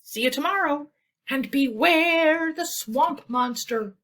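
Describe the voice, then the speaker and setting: A woman voicing an excitable, secretive female duckling in a storybook read-aloud. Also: high voice, pitched above the performer's own voice. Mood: excited. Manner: fast, squealing excitement.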